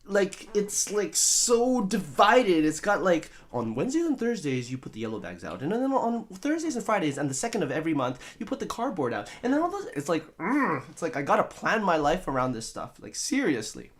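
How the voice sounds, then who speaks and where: A man's voice: on the high side, big pitch swings, fairly quick, hardly any pauses. A man hosting a casual live stream from a home studio, chatting with viewers in a playful, rambling way full of jokes and wordplay.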